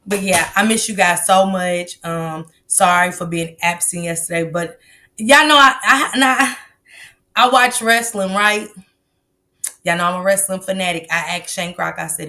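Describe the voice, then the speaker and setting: A woman's voice: lowish voice, moderate pace, bright, forceful tone. A middle-aged woman hosting a casual livestream, greeting chat viewers by name in loose, slangy talk. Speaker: livestream host.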